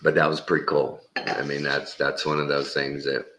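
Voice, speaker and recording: A man's voice: rumbling low, level tone, moderate pace, a bit bright. A man telling a rambling, folksy anecdote in a casual way, sprinkled with mild swearing. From Texas. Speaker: storyteller.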